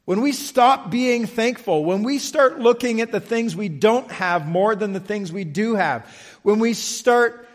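A man preaching a sermon, slow and emphatic, often checking in with the listeners. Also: high-pitched, in a large hall. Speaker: pastor.

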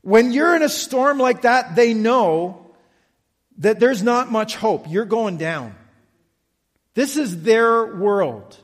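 A man preaching a sermon, slow and emphatic, often checking in with the listeners. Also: very high-pitched, lively intonation, long reverb tail. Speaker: pastor.

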